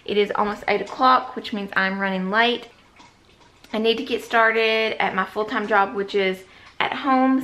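A young woman chatting casually to the camera in a rambling, relaxed way. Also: mid-range voice, a little slow. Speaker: vlogger. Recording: dull lo-fi recording with loud background noise.

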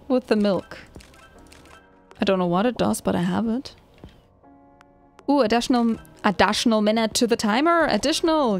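A woman giving casual let's play commentary, chatty and easily startled. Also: a little high. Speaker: gaming channel host.

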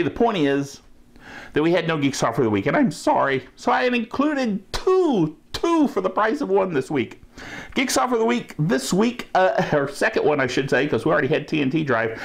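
A man's voice: on the high side, creaky. A middle-aged man hosting a tech podcast, chatting casually with an enthusiastic, jokey manner. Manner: enthusiastic and jokey, laughs at himself. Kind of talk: casual tech news chat.

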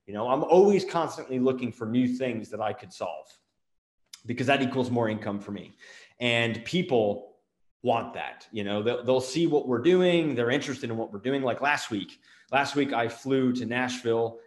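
A middle-aged man hosting a motivational business talk, energetic, firing off rapid rhetorical questions. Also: medium pitch, reverberant. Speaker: marketing agency owner and show host.

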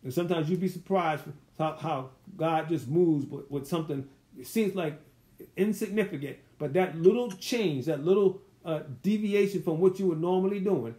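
A man's voice: a little high, normal speed, dark tone. A man leading a verse-by-verse Bible study, teaching in a loose, conversational way and putting rhetorical questions to his listeners. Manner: loose, colloquial phrasing.

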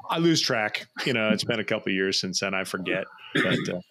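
A man's voice: fairly low pitch, lively intonation, fairly quick, bright, forceful tone. A middle-aged man hosting a podcast, who asks eager questions and explains terms for the listeners. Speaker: podcast host. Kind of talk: conversational interview.

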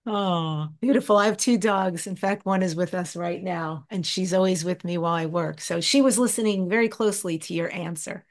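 A woman's voice: fairly low pitch, moderate pace, hardly any pauses. A woman hosting an interview, responding with effusive, brief affirmations. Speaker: host.

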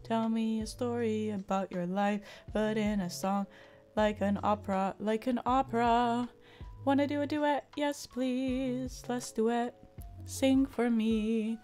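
A woman streamer chats casually with her viewers live, stressed and frazzled, swearing and breaking into improvised song. Her voice is on the high side, mellow and slow with fairly even intonation, and faint music plays in the background.

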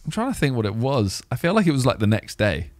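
A man's voice: mid-range voice, very animated, fast, no room sound, clean studio sound. A man on a podcast, chatting casually, teasing the others dryly and reading out listener questions. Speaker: podcast guest. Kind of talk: casual chat.

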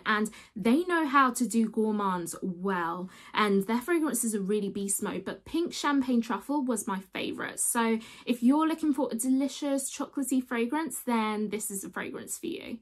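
A young woman with a slightly high voice talks to camera about perfumes. She gushes freely and keeps it chatty, often calling her viewers guys, in a relaxed vlog review.

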